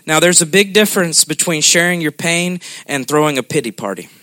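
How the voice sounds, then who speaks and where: A man's voice: a little high, expressive, moderate pace, sharp tone, dry recording. A man preaching a sermon in a conversational way, often checking in with the congregation. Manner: conversational preaching with frequent "okay?" check-ins.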